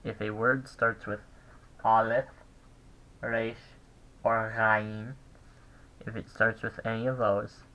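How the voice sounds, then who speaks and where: A man giving a casual recorded language lesson, thinking aloud with pauses and restarts. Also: on the low side, flat delivery, sharp tone, poor audio. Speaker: language teacher.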